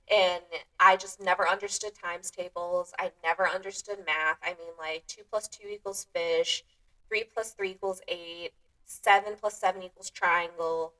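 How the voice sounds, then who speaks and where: Chatting casually on her solo podcast, this host has a fairly low, pushed and bright voice. She pokes fun at herself and laughs often, and her voice sits a little far from the microphone.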